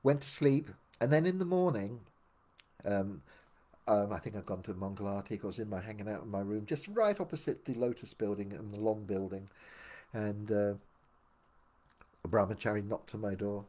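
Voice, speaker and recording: An older man telling his memoir aloud, meandering with many restarts and dropping quieter for asides. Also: expressive, normal speed. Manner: meandering, full of restarts, drops low for asides. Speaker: memoir narrator. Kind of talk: rambling spoken memoir storytelling.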